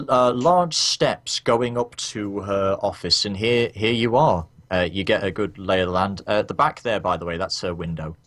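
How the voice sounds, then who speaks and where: A man with a fairly low voice narrates a tabletop game as game master. He describes each scene to the players in a loose, rambling second-person style, breaking off to fiddle with the map. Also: fairly bright tone.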